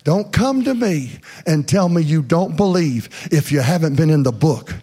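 A man preaching a fervent sermon in a church, swinging between shouted passages and hushed speech. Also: on the high side, expressive, moderate pace, husky. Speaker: pastor. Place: church sanctuary.

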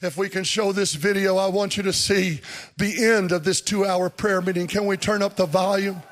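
A male preacher delivering an impassioned sermon in a church sanctuary, building to repeated shouted appeals to the congregation. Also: sits high, steady tone, normal speed, faint music behind.

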